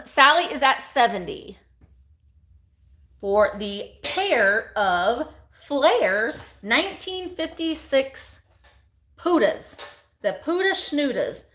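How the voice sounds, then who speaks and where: A chatty middle-aged woman runs a live-stream sale in a rambling, friendly flow. Her voice sits a little high, and she drifts off between calling out bids and answering viewer comments. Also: very animated, takes it slowly, fairly bright tone. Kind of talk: casual live-stream auction chat.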